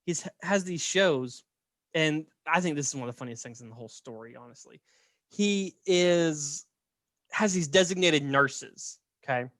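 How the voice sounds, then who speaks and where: A man's voice: on the high side, lively intonation, unhurried, fairly bright tone, no room sound, clean studio sound. A man casually telling a story on a podcast, chatty and laughing, often checking in with "right?". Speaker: podcast host.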